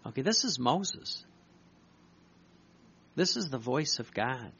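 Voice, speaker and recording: A man's voice: mid-range voice, big pitch swings, slow, bright, forceful tone, breathy edge. A man preaching urgently, reading devotional writings aloud and breaking off to comment, repeating his points for emphasis. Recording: dull lo-fi recording.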